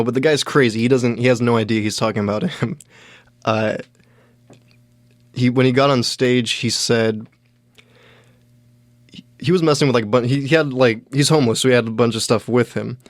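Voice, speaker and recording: A young man hosting a podcast, telling a comedy story in a halting, deadpan way with many restarts. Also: medium pitch, dry recording, clean studio sound. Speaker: podcast host, stand-up comedian. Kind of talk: casual solo storytelling.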